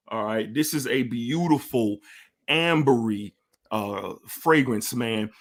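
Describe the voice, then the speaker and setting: A man's voice: mid-range voice, slow pace. A man giving a casual fragrance review, enthusiastic and emphatic, repeating his points for effect.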